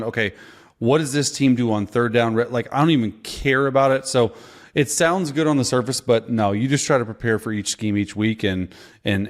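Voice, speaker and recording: A man co-hosting a casual sports podcast, talking loosely with lots of fillers and restarts. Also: medium pitch. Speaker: podcast co-host and former player.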